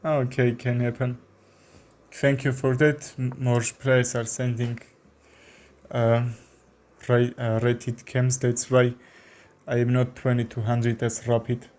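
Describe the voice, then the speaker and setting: An Armenian man commentates his chess stream live, his English halting and heavy with fillers and an Armenian accent. The mid-range voice shows little pitch movement and sounds a little mellow.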